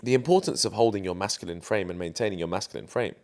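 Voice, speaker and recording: A man's voice: lowish voice, fast talker, darkish tone. A young man telling a dating story to camera in a chatty, confident way, full of fillers. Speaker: dating coach.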